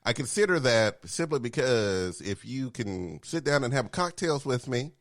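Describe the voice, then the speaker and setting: A man co-hosting a podcast in casual chat on a studio mic, filling in with steady "mm-hmm"s. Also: medium pitch, normal speed, dry recording. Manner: constant "mm-hmm" backchannel, chatty. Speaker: podcast co-host. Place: small home studio. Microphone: studio microphone.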